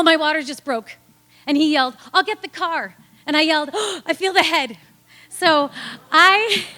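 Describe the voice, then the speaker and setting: A woman telling a personal story on stage in an animated way, laughing often and acting out the voices of people she quotes. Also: fairly high pitch. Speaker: storyteller at a live story slam.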